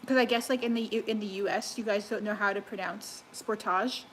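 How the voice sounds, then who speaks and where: A woman's voice: mid-range voice, fairly even intonation, brisk, fairly bright tone, slight background noise, low-quality recording. A young Canadian woman from Alberta, chatting casually to her viewers on a live stream, rambling with fillers and restarts. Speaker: livestreamer. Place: home kitchen, cooking.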